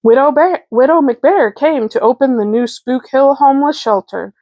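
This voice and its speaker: A woman reading a children's picture book aloud, slow, clear and expressive. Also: sits high, no room sound. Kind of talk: storybook read-aloud.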